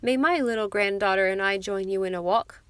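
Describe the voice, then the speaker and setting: A woman voicing an old gentleman who speaks in a dry, plain-spoken way. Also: mid-range voice, fairly quick, clean tone, no echo, natural voice. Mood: kindly.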